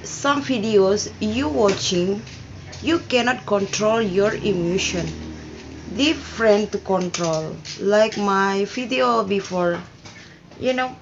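This is an Indonesian woman hosting a casual reaction vlog in unhurried, halting English, earnest and openly emotional. Her first language is Indonesian. The recording is dull and lo-fi, with a faint hiss underneath. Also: medium pitch. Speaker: reaction video host.

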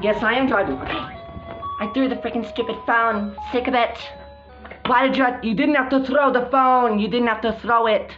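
A woman voicing several girl characters in a hobby drama, exclaiming frantically and swinging between shouts and mutters. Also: a little high, normal speed. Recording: dull lo-fi recording with music behind.

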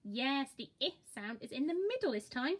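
A woman teaching a children's phonics lesson, modelling each sound slowly and cheering the listener on. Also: sits high, big pitch swings. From England. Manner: slow, encouraging, exaggerated sound-by-sound modelling.

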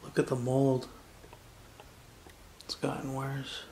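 A frightened man filming a paranormal vlog alone in an old house, switching between hushed whispers and loud calls to the spirits. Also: mid-range voice, monotone, takes it slowly, creaky, noisy background. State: frightened, anxious. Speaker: paranormal vlogger. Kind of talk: ghost-hunting vlog. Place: old abandoned house, indoors.

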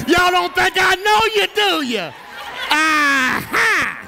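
A male pastor preaching a sermon in a church sanctuary, shouting on his climaxes and teasing the congregation playfully. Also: extremely high pitch, creaky, background noise.

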